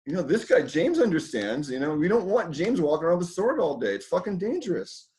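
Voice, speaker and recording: A man's voice: a little high, sing-song, brisk, a little mellow, low-quality recording. A man hosting a community dinner talk, rambling loosely to a small group indoors with lots of fillers and casual swearing.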